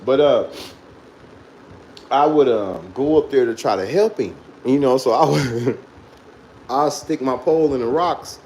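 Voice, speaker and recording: A man's voice: medium pitch, a little slow, pauses often, darkish tone, slight background noise, rough recording. A man casually telling a profane childhood story, laughing often as he goes. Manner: loose, profane, laughs through his story.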